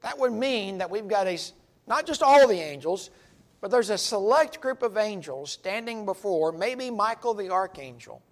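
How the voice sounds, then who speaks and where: A man's voice: high-pitched, animated, normal speed. A man teaching a Bible study, earnest and emphatic, stressing key words as he reads verses aloud.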